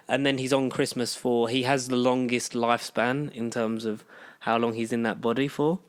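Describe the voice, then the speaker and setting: Male podcast co-host, chatty and rambling, mid-pitched. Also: flat delivery, normal speed, hardly any pauses. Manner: rambling, enthusiastic fan talk with many restarts. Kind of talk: casual chat.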